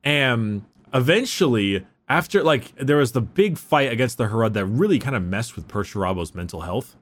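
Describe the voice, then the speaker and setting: A man's voice: medium pitch, lively intonation, moderate pace. A man hosting a casual podcast, explaining lore in a rambling, profane way with many restarts.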